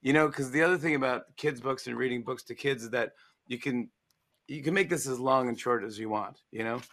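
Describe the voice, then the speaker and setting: A man in his forties, a guest author in a casual interview, talking in a playful, animated way and acting out lines. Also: mid-range voice, fairly quick.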